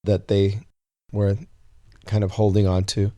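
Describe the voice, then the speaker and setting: Mellow-voiced man spinning an animated story. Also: measured pace, no echo. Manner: animated storyteller, acts out quotes in a high voice. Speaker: guest songwriter. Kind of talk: storytelling interview.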